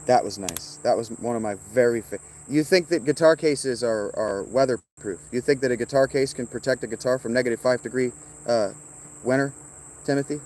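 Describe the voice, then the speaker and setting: A man with a mellow, darker tone chats loosely on a livestream, drifting between stories and profane jabs at his viewers. His voice sits at an ordinary pitch, and faint crickets hiss behind him outdoors. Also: brisk. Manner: profane, taunting viewers by name, rambling. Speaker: streamer reading chat. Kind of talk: casual livestream chat.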